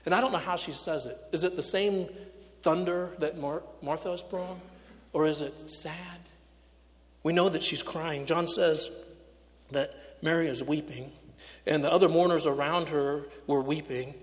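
Guy preaching a sermon, kinda higher voice, long echo like a big church hall. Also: fairly even intonation, a little slow. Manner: dramatic retelling, acting out quotes with big swings in loudness. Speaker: pastor.

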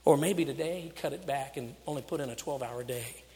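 A man preaching a storytelling sermon, swinging from loud to hushed and laughing off his own slips. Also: medium pitch, brisk. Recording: echoey hall.

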